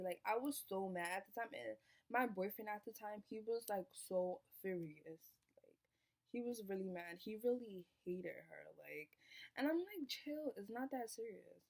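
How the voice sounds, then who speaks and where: A young woman telling a personal story in a casual storytime, animated and swearing, acting out what people said. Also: medium pitch. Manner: animated, swearing, acts out quoted lines. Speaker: vlogger.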